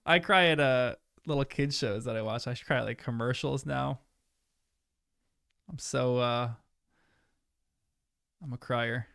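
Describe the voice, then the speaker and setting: A young man talking casually to his live viewers as he watches a film. His voice is gravelly and the sound is dry, with no room around it. He talks openly and emotionally, drifting into soft, rambling asides. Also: medium pitch, measured pace, pauses often, no echo. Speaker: streamer watching a movie with chat.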